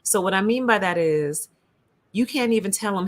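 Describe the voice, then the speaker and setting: A woman's voice: medium pitch, expressive, normal speed. A woman hosting a casual commentary stream, speaking emphatically and straight to her viewers. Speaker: host. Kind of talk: casual commentary to a live audience.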